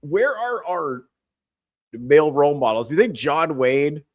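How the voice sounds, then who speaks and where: A man's voice: fairly high pitch, very animated, a little slow, no echo. A man hosting a comedy podcast, ranting with crude, sarcastic mockery. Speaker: podcast host. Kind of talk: comedic commentary rant.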